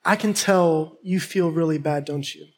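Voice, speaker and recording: A man voicing a kind uncle who comforts a sad child in a soft, low, quiet voice. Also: normal speed. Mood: tender.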